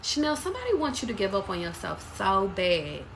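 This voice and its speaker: A woman's voice: mid-range voice, big pitch swings, a little fast, creaky, a little hiss or hum, low-quality recording. A woman giving a live tarot reading, talking casually and bluntly with plenty of profanity, passing on intuitive messages. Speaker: tarot reader.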